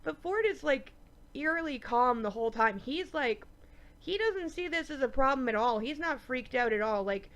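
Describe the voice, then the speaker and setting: A woman with a stuffy nose giving a chatty, animated review of a TV episode, with lots of ums. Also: high voice, moderate pace. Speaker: TV show reviewer. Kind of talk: casual episode review vlog.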